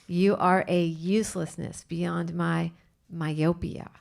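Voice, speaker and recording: A woman reads a poem aloud in a slow, deliberate cadence. Her voice is low and very crisp, each word set down with care. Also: steady tone, a little mellow. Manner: slow, measured, careful reading. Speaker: poem reader. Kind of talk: poetry reading.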